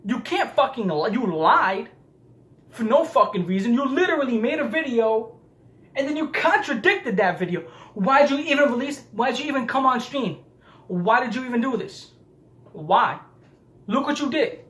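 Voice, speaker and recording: A man's voice: very high voice, expressive, moderate pace, fairly bright tone. A man ranting angrily on camera, heated, profane and mocking. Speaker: YouTube commentator. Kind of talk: angry ranting commentary.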